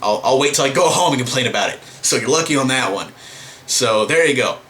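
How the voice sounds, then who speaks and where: A man's voice: mid-range voice, lively intonation, a little fast, fairly bright tone, slight background noise. A man ranting to camera in a vlog, exasperated and profane, full of fillers and restarts. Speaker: vlogger.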